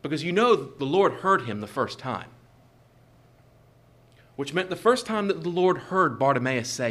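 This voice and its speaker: A man preaching a sermon in a measured, emphatic way, repeating key phrases for stress. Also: medium pitch, big pitch swings, fairly bright tone.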